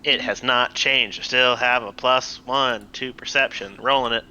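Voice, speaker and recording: A man at a tabletop game, chatting and laughing often. His voice is very bright and forward, and there is a faint hiss of noise behind him. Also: medium pitch, dull audio. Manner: laughing, excitable, quick asides. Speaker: player. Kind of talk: casual tabletop game chat.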